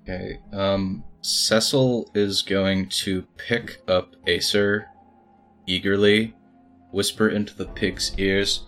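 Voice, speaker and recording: A man's voice: low voice, level tone, takes it slowly, fairly bright tone, soft background music. A man playing a tabletop game, describing his character's actions with hesitant asides. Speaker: player. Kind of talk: casual tabletop play.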